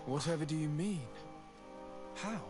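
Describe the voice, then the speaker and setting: A man's voice: on the high side, a little slow, over music, natural voice. A man voicing a courteous young male noble emissary in a video game, speaking in a formal, composed way.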